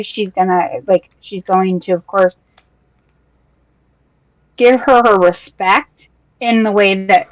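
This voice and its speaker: A woman taking part as a player in a tabletop role-playing game. She talks in a hesitant, rambling way with many fillers, at a mid pitch, and her voice is close and dry with no room echo. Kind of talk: tabletop role-play in character.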